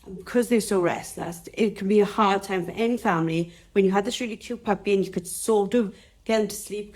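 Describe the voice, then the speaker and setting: A woman's voice: mid-range voice, a little mellow. A woman with a Welsh accent, a dog trainer hosting a casual live teaching session, chatty and rambling as she talks straight to her viewers.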